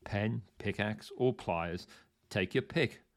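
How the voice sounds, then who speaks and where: A scornful, gruff middle-aged man who mocks everyone he speaks to, voiced by a male storyteller. His voice sits low and gravelly, and he speaks with sardonic bite. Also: slow. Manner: gruff and mocking.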